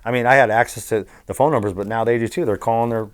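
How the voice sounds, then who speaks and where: With a medium-pitched voice and a fast delivery, a former bookmaker from Southern California recounts blunt, profanity-laced stories. He's middle-aged, appearing as an interview guest, and tells them in a casual, animated manner.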